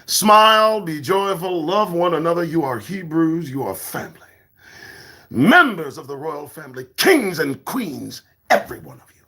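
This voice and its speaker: A man hosting his own morning show, talking in a profane, preachy monologue that swings between shouts and whispers. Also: on the high side, breathy edge. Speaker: show host.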